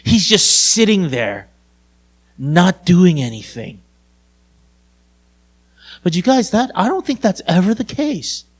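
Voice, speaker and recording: A male pastor preaching a sermon in a conversational way, talking to his listeners directly and moving between raised emphasis and hushed, low tones. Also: very animated, slow, pauses often. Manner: conversational, addresses listeners as "you guys".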